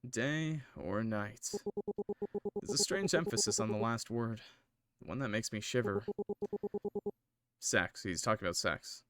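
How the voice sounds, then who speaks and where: A man's voice: lowish voice, wildly swooping pitch, moderate pace, pauses often, a bit bright, faint music behind. Man reading a visual novel aloud. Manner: casual, jokey asides, laughs. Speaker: streamer.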